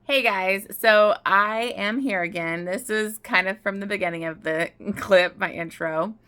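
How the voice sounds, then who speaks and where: A woman's voice: medium pitch, measured pace, bright, forceful tone, clean tone. A young woman vlogging casually outdoors about books, rambling and emotional, often restarting her sentences. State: tearful. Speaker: book vlogger. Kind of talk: casual chat.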